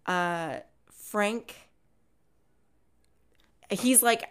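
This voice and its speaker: A woman's voice: fairly low pitch, slow, gravelly, long pauses. A woman co-hosting a podcast, chatting casually about a film and acting out lines from its scenes. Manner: animated, acts out quotes from scenes. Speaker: podcast co-host.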